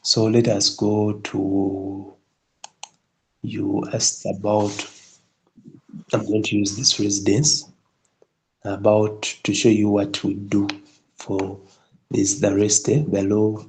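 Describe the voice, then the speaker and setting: A man with a fairly low voice leads a live tutorial on building design. He keeps checking in with his listener and often restarts his phrases. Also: completely flat delivery, slow pace, long pauses, a little mellow, slight background noise, rough recording. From Kenya. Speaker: instructor.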